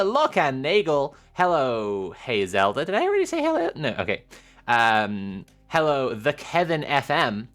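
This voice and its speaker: A woman streamer chatting casually with her viewers, animated and giggly, rambling with lots of filler sounds. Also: a bass voice, measured pace, soft background music. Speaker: live streamer.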